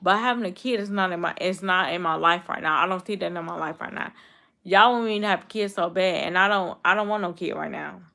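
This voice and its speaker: Young woman in her 20s on a stream, aave, low-ish voice, blunt and repetitive, talking back to chat. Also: fairly quick, vocal fry, pushed and bright. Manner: blunt, repetitive, talks straight back to commenters. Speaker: YouTube streamer. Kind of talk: casual live-stream chat with viewers.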